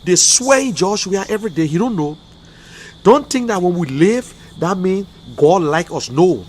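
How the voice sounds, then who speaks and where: A man's voice: high-pitched, lively intonation, moderate pace, a little mellow, a little hiss or hum. A man from Liberia with a Liberian English accent, hosting an online talk show in an emotional, fiery style full of repeated outbursts. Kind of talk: impassioned livestream commentary.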